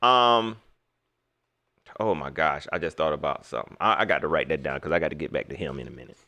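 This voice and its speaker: A man hosting a casual livestream sports talk show, animated and slangy, repeating himself as he talks straight to his viewers. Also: very deep voice, fairly quick.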